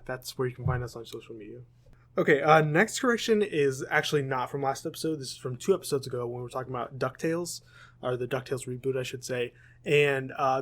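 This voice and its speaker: Rambling young man podcast host. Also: mid-range voice. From United States. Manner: rambling, self-correcting, frequent ums. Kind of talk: casual chat.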